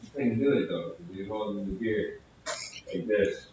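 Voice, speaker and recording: A man's voice: on the low side, normal speed, background noise. A man telling a comedy story in a loose, casual way, swearing freely and acting out the lines of the people in it. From Canada. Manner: animated, swears freely, acts out quotes. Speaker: comedian guest. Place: live comedy venue. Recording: echoey, distant, dull lo-fi sound.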